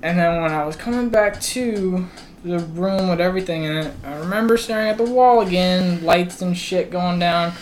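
A man's voice: sits high, moderate pace, a little hiss or hum. A man telling a rambling story in casual podcast chat, laughing often and swearing freely.

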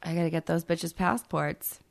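Low-voiced, profane woman podcaster. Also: fairly even intonation, normal speed, gravelly. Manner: blunt and profane, loud and emphatic when ranting. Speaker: podcast co-host. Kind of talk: casual chat.

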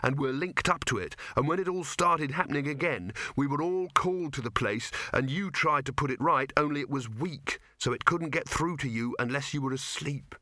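Guy doing earnest young man, halting, bright lively voice. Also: fairly high pitch, no room sound, clean studio sound, voice pushed up.

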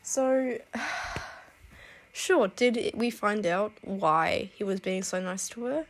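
A woman's voice: mid-range voice, slow pace. A woman chatting casually about books she loves and hates. She rambles and gushes, swears freely, and breaks into laughs and sighs. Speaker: booktuber reviewing fictional love interests. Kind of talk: casual chat.

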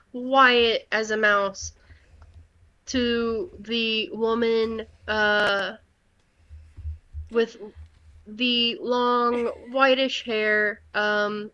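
Woman game master narrating the scene, slow and a bit high, dull lo-fi recording. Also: fairly bright tone, clear, resonant tone. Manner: unhurried, with fillers.

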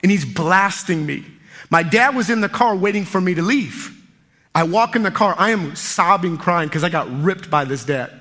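Pastor, male, bright high voice, energetic emphatic preaching. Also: normal speed. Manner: energetic, emphatic preaching with sudden loud peaks. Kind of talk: sermon.

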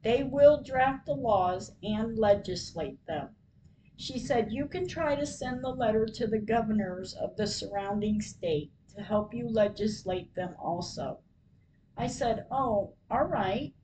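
A woman podcaster reading her diary entries aloud, retelling each call in a plain, measured way. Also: fairly high pitch, expressive, dark tone, a little hiss or hum, low-quality recording.

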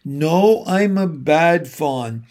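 A man's voice: fairly high pitch, animated, very slow, darkish tone. A man voicing a weeping, remorseful male faun in a storybook reading, sorrowful and sobbing.

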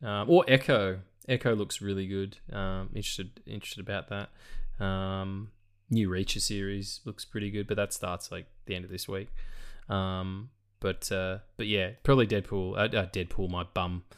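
Male podcast host, lowish pitch, loose and jokey, many fillers. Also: steady tone, moderate pace, clean tone. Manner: rambling, jokey, lots of ums. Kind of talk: casual film podcast chat.

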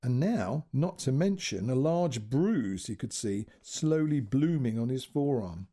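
A man narrating a short story as storyteller, in an expressive, dramatic reading that moves between hushed and raised passages. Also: medium pitch, a little slow, few pauses.

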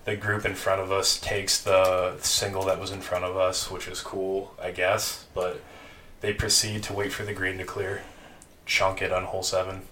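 A man co-hosting a podcast, telling a long story in casual chat, animated and laughing, with casual swearing. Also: deep voice. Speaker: podcast co-host. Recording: distant mic with faint noise.

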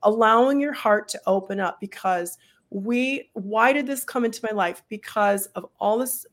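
A woman energy healer talking calmly and earnestly about healing and opening the heart. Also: medium pitch, moderate pace. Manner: calm, earnest, explains at length. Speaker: energy healer and spiritual coach. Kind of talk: casual spiritual chat.

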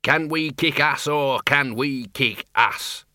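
A man voicing a pompous, excitable old male wizard dean in an audiobook, sniffy and bragging. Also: mid-range voice, moderate pace, no room sound, clean studio sound.

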